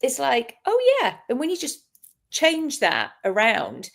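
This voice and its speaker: A woman, a hypnotist hosting an interview, talking enthusiastically in a casual chat, often pausing on fillers. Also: a little high, wildly swooping pitch, creaky, fairly bright tone. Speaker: hypnotist and podcast host.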